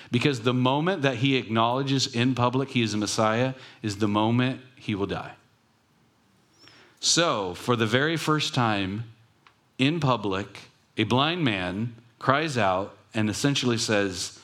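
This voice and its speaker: A man's voice: medium pitch, measured pace, fairly bright tone. A man preaching a sermon in a conversational, storytelling way, acting out quoted voices and adding self-correcting asides. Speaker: pastor.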